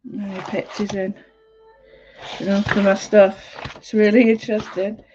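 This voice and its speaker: A woman's voice: medium pitch, flat delivery, unhurried, muffled recording, music in the background. A woman, hosting a casual livestream art lesson, chatty and full of greetings, often interrupting herself. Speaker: art class host.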